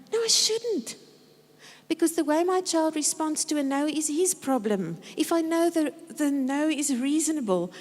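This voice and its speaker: A middle-aged woman giving a lively, humorous parenting talk in a large church auditorium, acting out parents and children as she speaks. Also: sits high. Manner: lively, humorous storytelling, mimics parents and kids. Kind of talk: conference talk with acted-out quotes. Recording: reverberant hall.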